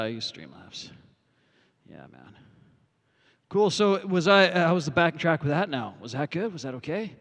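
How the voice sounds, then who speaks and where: A man hosts a casual music livestream from a parking lot, talking into a phone. His voice sits a little high for a man, and his loose, profane chatter is full of fillers and restarts. He sounds a bit out of breath, and a long reverb trails after his words. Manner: rambling, profane, many fillers. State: winded after performing.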